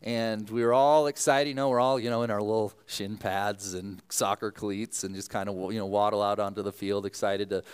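Smooth-voiced man preaching a sermon. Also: fairly low pitch, moderate pace, few pauses. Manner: earnest prayer, then animated storytelling with fillers. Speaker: pastor.

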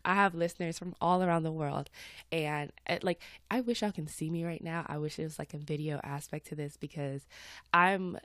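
A woman's voice: sits low, normal speed, no room sound, studio quality. A woman in her twenties from Atlanta, with a light Southern accent and a slightly stuffed-up voice, hosting her podcast in an upbeat, chatty way. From Atlanta, Georgia, USA. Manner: chatty and upbeat, with a lively, swooping delivery. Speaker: podcast host. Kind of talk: casual chat.

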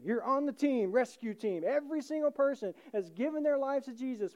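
A man's voice: very high-pitched, expressive, brisk, few pauses. A man preaching a sermon with passionate, rising emphasis. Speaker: pastor.

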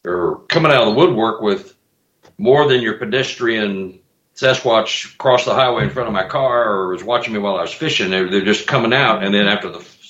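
Guy on a podcast telling wild stories, lively, stumbles over words, kinda roomy dull sound. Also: lowish voice, fairly quick. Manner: animated storyteller, acts out voices, laughs, repeats words. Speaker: guest author and Bigfoot investigator. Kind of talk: casual chat.

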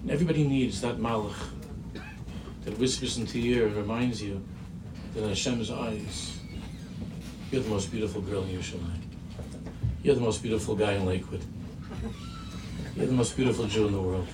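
A rabbi preaching to his listeners, a man with a lowish voice who tells a story earnestly and leans on repeated phrases. He is picked up from a distance in an echoing room. Steady noise sits behind his words. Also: brisk, long pauses. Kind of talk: sermon with storytelling.

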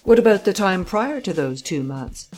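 A woman's voice: fairly low pitch, animated, moderate pace, a little mellow, faint music behind, pitched above the performer's own voice. A woman voicing a stern, impatient male judge who fires off incredulous questions in a raised voice. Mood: exasperated.

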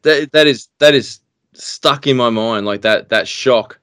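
An Australian man, a podcast guest, telling a story in casual chat, excitable and animated, trailing off into fillers. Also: mid-range voice, unhurried, smooth.

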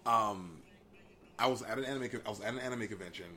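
A man's voice: lowish voice, fast talker. A man in casual chat, rambling through a dating story with lots of fillers. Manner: rambling, animated retelling with many fillers.

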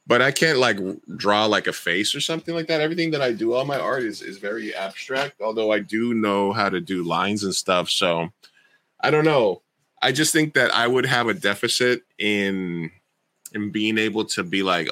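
Low, bright-voiced man hosting a chat. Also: a little fast. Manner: rambling, self-correcting. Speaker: podcast host. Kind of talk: casual chat.

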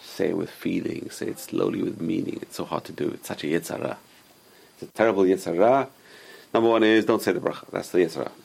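Low gravelly-voiced man teaching a Torah class. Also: quick pace, darkish tone. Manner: explains with Hebrew quotes, emphatic warnings.

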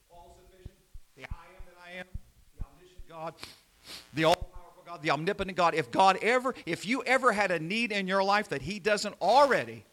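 A man preaching a sermon, calling out to the congregation and swinging between loud emphasis and quiet asides. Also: a little high. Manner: animated preaching with call-and-response. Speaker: pastor.

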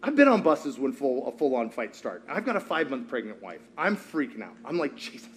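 A man preaching a sermon to a congregation, telling stories with animated, acted-out quotes. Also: medium pitch, brisk, a little hiss or hum. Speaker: pastor.

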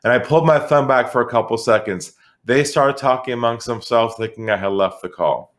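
A middle-aged man from California, a guest on an interview podcast, telling a sales story in a lively, animated way. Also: mid-range voice, fairly quick. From San Diego, California. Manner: animated storyteller who acts out quoted voices. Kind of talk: conversational storytelling.

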